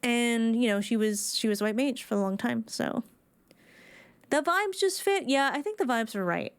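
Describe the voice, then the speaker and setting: Woman game streamer, playful and chatty, fairly high voice, dry close sound. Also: animated, normal speed, smooth, no room sound. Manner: chatty, playful, with slang and nervous asides. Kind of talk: casual gameplay commentary.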